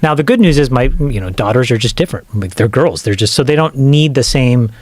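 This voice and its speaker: Animated, profane middle-aged storyteller. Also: male voice, mid-range voice, fast, no room sound. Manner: animated, profane storyteller who acts out quoted lines. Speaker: podcast guest. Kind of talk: casual storytelling.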